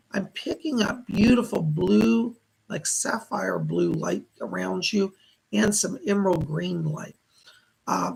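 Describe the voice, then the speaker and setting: Hoarse male medium on a live stream, gravelly and husky, relaying what spirits say. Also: high voice, rough recording. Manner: relays spirit messages as quoted speech. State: hoarse, losing his voice. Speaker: psychic medium. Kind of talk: live-stream psychic readings.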